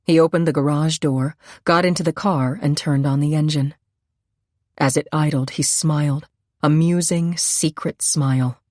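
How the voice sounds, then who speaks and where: A woman with a low, slightly mellow voice narrates an audiobook at normal speed with fairly even intonation. It's scripted narration in a dry recording with clean studio sound.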